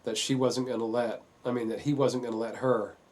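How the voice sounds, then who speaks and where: A man's voice: medium pitch, steady tone, darkish tone. Earnest man recounting his story. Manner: earnest, halting, with many fillers. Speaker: father telling his family story. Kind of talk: personal testimony.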